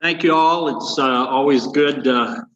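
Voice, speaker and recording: A man's voice: mid-range voice, a little slow, fairly bright tone. Older male speaker, folksy and rambling, long hall reverb, dull sound. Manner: rambling, many fillers and restarts. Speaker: guest speaker. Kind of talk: folksy joke-telling speech. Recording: muffled echoey banquet hall.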